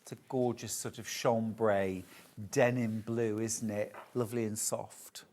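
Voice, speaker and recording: A man's voice: fairly low pitch, fairly even intonation, unhurried, darkish tone. A man presenting fabrics on a live home shopping show, chatty and full of enthusiasm.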